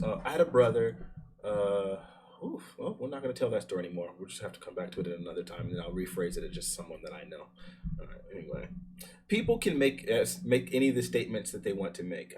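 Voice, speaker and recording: A man's voice: fairly low pitch, a little mellow, slight background noise. A man streaming live, reacting to a video in an emphatic, argumentative way with frequent restarts. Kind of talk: casual live-stream commentary.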